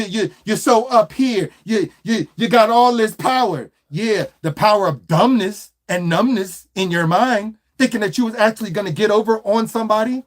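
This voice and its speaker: A man hosting a livestream, ranting animatedly and mockingly with slang, repeated phrases and stuttered restarts. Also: high voice. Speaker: livestream host. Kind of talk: livestream rant.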